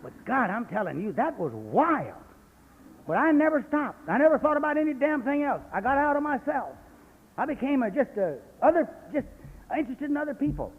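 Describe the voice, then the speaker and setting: Folksy profane man, high animated voice. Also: a little fast, husky. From San Jose, California. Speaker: AA speaker. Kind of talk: recovery talk storytelling. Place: convention hall. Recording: echoey hall on lo-fi 1980s cassette.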